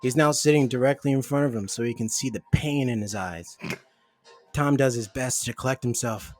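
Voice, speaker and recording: A man co-hosting a podcast, chatting casually and reading a comic script aloud with animated delivery and frequent laughs. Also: mid-range voice, normal speed, faint music behind. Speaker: podcast co-host.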